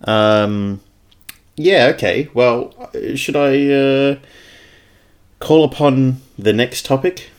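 A chatty Australian man co-hosting a podcast, wandering off on tangents and joking as he goes. His voice sits at an ordinary middle pitch, and he swears casually. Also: slow pace, pauses often, smooth. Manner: rambling, jokey, swears casually. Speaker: podcast co-host.

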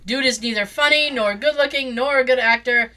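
Bubbly woman hosting, kinda high voice, lots of opinions. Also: fairly quick, sharp tone. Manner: bubbly, opinionated, laughs often. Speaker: podcast host. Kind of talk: casual chat.

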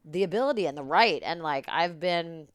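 Woman guest, low voice, dry close mic, rambling and profane storyteller. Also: moderate pace, dry recording. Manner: rambling, animated, swears freely. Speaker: podcast guest. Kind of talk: casual storytelling chat.

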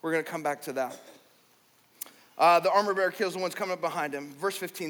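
A man preaching a sermon as pastor, energetic and conversational, with casual fillers. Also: fairly high pitch, fast, long pauses, long reverb tail.

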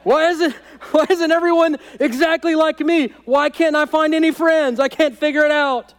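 A man's voice: very high-pitched, steady tone, moderate pace, voice pushed up. A man voicing a self-pitying churchgoer who whines and questions everything. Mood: whiny. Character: whiny complaining churchgoer man.

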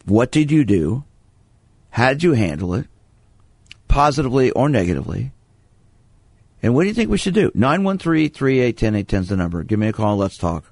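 A man's voice: mid-range voice, big pitch swings, brisk, long pauses, a little mellow, dry recording. A man from Brooklyn hosting a sports radio call-in show, telling stories and often restarting his sentences. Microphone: studio microphone.

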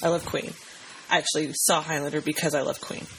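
A woman's voice: low-pitched, level tone, fast, a little hiss or hum, rough recording. A young woman co-hosting a podcast, casually recapping a movie in a rambling, enthusiastic way full of fillers. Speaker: podcast co-host.

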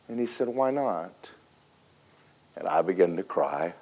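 A man preaching a sermon, telling a story dramatically, switching between loud and hushed and talking straight to the congregation. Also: low voice, lively intonation, unhurried, long pauses. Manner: folksy, speaks to the congregation directly.

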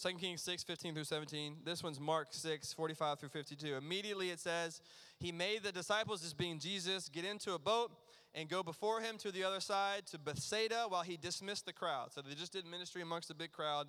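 Bright, resonant male preacher in a hall. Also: on the high side, fairly quick, clean tone. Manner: earnest, emphatic, drops to a hush for asides. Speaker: pastor. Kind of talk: sermon. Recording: long reverb of a large hall.

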